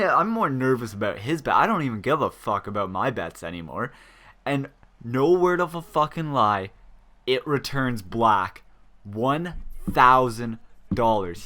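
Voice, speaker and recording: Animated young man telling a story. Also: mid-range voice. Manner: animated, swearing, quotes friends in voices. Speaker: vlogger. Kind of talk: casual storytelling.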